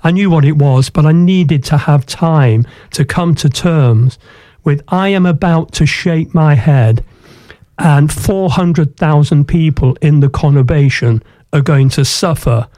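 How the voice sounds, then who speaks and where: A man's voice: a little high, dark tone, dry recording. A man who once owned a football club looks back on his story in an interview, in an anecdotal way with frequent "you know" fillers.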